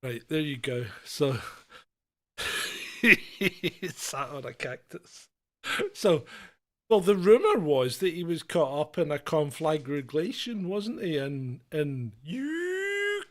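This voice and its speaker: Comedy podcast co-host, male, slightly high voice, rambling storyteller who laughs through his lines. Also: very animated, slow pace, fairly bright tone. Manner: rambling storyteller, laughs often mid-sentence. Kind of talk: casual comedic chat.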